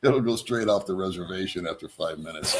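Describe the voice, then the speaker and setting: A man's voice: low-pitched, noisy background. A man hosting his own vlog, chatting casually and loosely, with frequent ums and chuckles. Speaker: vlog host. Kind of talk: casual rambling vlog chat.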